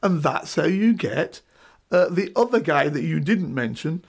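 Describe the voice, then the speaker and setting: A middle-aged man, talking in an emphatic, animated way and checking in with "right?" as a guest in a casual discussion. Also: a little high, unhurried, gravelly, slightly rough.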